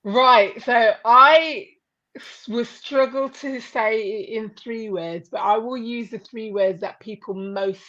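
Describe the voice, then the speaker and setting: A woman's voice: on the high side, slow pace, dull audio. A woman, a guest in a casual interview, talking energetically and laughing often. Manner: energetic, laughing, slips into put-on voices.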